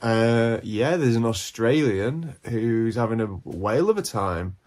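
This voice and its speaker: A male podcast co-host in relaxed, joking conversation. He banters and acts out his friend's lines with playful voices. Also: mid-range voice, unhurried. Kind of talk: casual chat.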